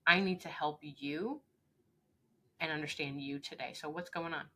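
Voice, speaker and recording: A woman leadership coach speaks in an interview with a low, bright, pushed voice at a moderate pace. She is earnest and emphatic, often acting out short little dialogues as she talks.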